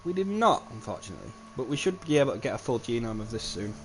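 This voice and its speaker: A young man narrates his game live, chatting away, swearing freely and jumping into loud excited reactions. His voice sits at an ordinary middle pitch, with a faint low hum behind him. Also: fast talker. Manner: chatty, swears often, bursts into excited outbursts. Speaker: livestreamer. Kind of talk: live gameplay commentary.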